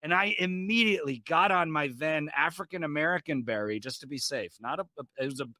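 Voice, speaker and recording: A man with a bright, forceful edge and a somewhat high voice, telling a story in a brash, punchy comic way. The sound is dry and close, like a home video call. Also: a little fast, no echo. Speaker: comedian guest.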